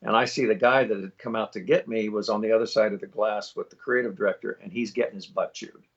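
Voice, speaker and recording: A man in his fifties, a voiceover actor, telling lively stories in an interview and acting out the quotes. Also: fairly low pitch, fast talker, husky, dull audio. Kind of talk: anecdotal storytelling in an interview.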